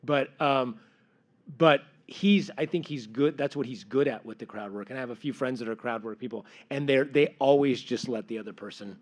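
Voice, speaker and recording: A man's voice: mid-range voice, normal speed. A male comedian on a convention panel, telling stories and acting out quoted lines. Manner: animated storyteller, acts out quoted lines. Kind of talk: panel discussion.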